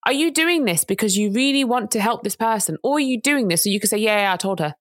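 A woman's voice: on the high side, lively intonation, fast talker, no room sound. A woman, co-hosting a casual chat and telling a story in an earnest way that rises to indignant emphasis. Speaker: podcast co-host.

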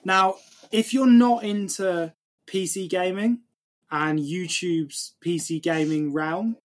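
Brief: British male co-host, slightly high voice, laid-back and wry. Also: takes it slowly. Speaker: podcast co-host. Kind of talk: casual podcast chat.

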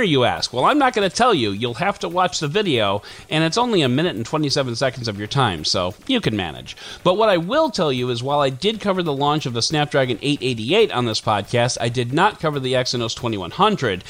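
A man in his forties runs through tech headlines on his podcast, his voice sitting slightly high and swinging widely in pitch. He reads a script but keeps it playful, with puns and self-mocking asides. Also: fairly bright tone. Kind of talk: scripted news roundup with jokes.

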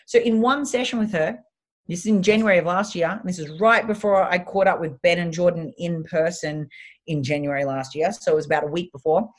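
A woman with an Australian accent, telling stories as an animated, chatty podcast guest who swears casually. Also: mid-range voice, quick pace.

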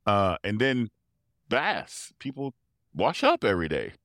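Deep-voiced man telling lively stories. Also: measured pace, no room sound, clean studio sound. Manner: animated storyteller who acts out quoted voices and laughs often. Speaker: interview guest, professional tuba player. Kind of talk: storytelling in a casual interview.

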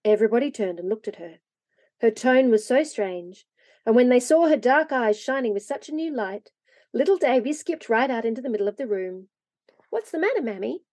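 Woman reading a storybook with lively expression. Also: on the high side, brisk, dry recording. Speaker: reader.

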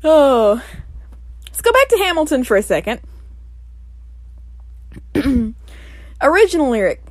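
A woman with a high voice chats unhurriedly as a solo podcast host, dry and close to the mic. She is playful, makes jokey asides and keeps dissolving into giggles. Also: sing-song, slow pace, no room sound. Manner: giggly, often breaks into laughter. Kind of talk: casual solo podcast chat.

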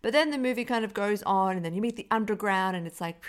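A woman talking films on a casual podcast. She is lively and swears often. She trips over her words and restarts as she goes. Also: medium pitch, quick pace, few pauses, smooth. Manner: animated, swears freely, many restarts. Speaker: podcast co-host. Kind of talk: casual film discussion.

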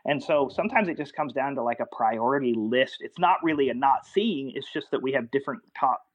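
A man's voice: mid-range voice, brisk, dry recording, dull audio. A man chatting casually as a guest, rambling and self-deprecating, on a remote line. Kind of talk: casual chat.

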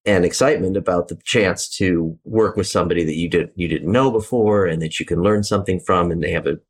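Low-pitched man, architect panelist, measured and hesitant. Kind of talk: panel discussion.

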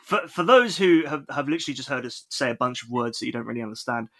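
A man's voice: mid-range voice, lively intonation, quick pace, bright, forceful tone. A man co-hosting a podcast, chatting casually with many fillers and restarts into a podcast microphone. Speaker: podcast co-host.

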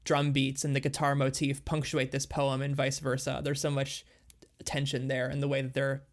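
A man's voice: mid-range voice, completely flat delivery, moderate pace. A man co-hosting a casual music podcast, talking thoughtfully and at length about songs. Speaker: podcast co-host.

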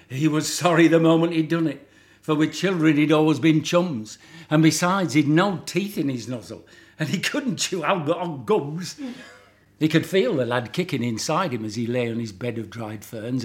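Man, older, from southern England, actor, lively storytelling, raised pitch. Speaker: actor guest. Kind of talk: reciting a comic monologue and chatting.

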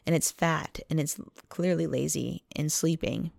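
A woman's voice: deep voice, a little slow, creaky, a little mellow, no room sound, studio quality. A woman co-hosting a faith podcast, telling a long story in a rambling way and saying "like" constantly. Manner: rambling storytelling, heavy use of "like". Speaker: podcast co-host.

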